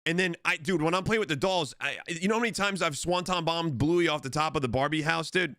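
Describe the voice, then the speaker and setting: A man's voice: a little high, brisk, bright, forceful tone, no room sound, studio quality. A young man live-streaming, chatting casually and rambling with lots of swearing while reading out his chat. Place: home streaming setup. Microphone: desk microphone.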